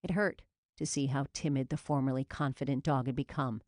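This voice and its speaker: A woman narrating a police novel as an audiobook in an even, measured reading. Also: extremely low pitch, no echo, studio quality. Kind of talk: scripted narration.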